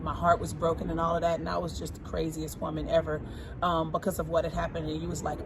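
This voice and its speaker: A woman in her forties, talking casually and warmly about her husband, emphatic and repeating her points. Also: sits low, monotone, fast, gravelly, background noise. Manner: emphatic and repetitive, often repeating phrases. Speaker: co-host, singer. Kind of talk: casual heartfelt talk.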